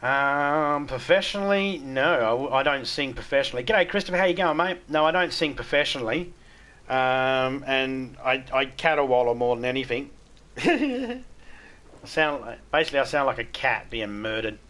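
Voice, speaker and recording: A man's voice: mid-range voice, lively intonation, moderate pace, fairly bright tone. A middle-aged Australian man chatting bluntly with viewers on a live game stream, swearing freely and stumbling over restarts. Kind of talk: casual live-stream chat.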